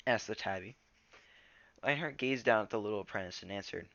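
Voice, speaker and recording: A man's voice: lowish voice, fairly quick, pauses often, fairly bright tone, no echo, lo-fi sound. A man reading a storybook aloud in a casual way, stumbling over words now and then. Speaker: reader.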